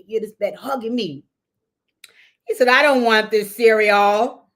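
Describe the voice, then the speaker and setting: A woman hosting a casual livestream, telling a loud, profane, animated story to her viewers. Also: fairly high pitch. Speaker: show host.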